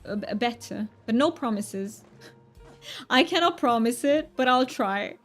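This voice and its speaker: A woman hamming up a deliberately clumsy mock British accent, bright and chirpy as she greets chat over a game. The voice sits a little high, laughing at its own attempt, with faint game music underneath. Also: expressive, full character voice. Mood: playful. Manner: giggly, self-mocking, chatty. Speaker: streamer. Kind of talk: casual live-stream chat.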